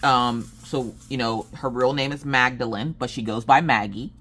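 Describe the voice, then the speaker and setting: A woman's voice: a bass voice, moderate pace, fairly bright tone. A woman craft vlogger in a casual chat, telling a rambling story with many fillers and restarts.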